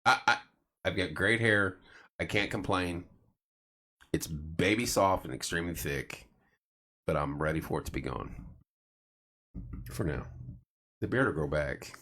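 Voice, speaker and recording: Middle-aged male host, lowish voice, chatty and animated, does quick voices for people in his stories. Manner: animated storyteller, acts out quoted voices. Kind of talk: casual late-night chat.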